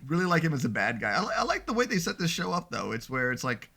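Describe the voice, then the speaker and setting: A man's voice: a little high, very animated, fast talker, vocal fry, sharp tone. A man co-hosting a casual podcast, chatty and loose, leaning on fillers like "I mean". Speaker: podcast co-host. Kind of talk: casual chat.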